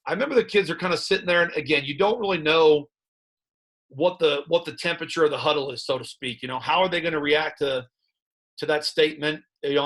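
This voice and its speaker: Man, slightly high voice, football coach, game-film breakdown, animated storyteller. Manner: animated storyteller recounting sideline moments; plain coaching talk about play calls.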